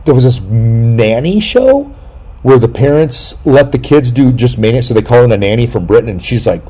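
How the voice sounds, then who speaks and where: A man talks in a loose, rambling way, his voice mellow and dark. He tells stories with animated asides, suddenly pitching up to mimic people, and swears without a second thought. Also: moderate pace, slightly rough. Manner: swears freely. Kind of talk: casual chat.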